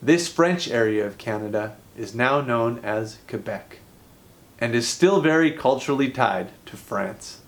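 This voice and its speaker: A man teaching English to learners in a scripted lesson, explaining grammar clearly and deliberately. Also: mid-range voice, lively intonation.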